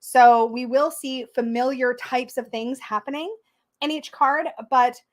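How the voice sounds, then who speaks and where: A young woman hosting a casual livestream, chatty and excitable, reading out viewer comments as she goes. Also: sits high, unhurried. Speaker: tarot livestream host.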